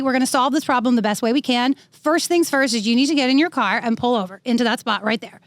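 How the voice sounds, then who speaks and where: Lively woman telling a story, dry sound. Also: a little high, fast talker, no room sound. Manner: animated, acts out quoted people. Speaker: podcast co-host. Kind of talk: casual storytelling.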